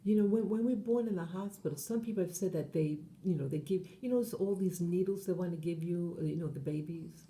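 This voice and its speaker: A woman's voice: lowish voice, a little fast, hardly any pauses, dark tone. A woman hosting her channel, talking in a meandering monologue full of fillers and self-corrections. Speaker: channel host. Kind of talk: rambling monologue.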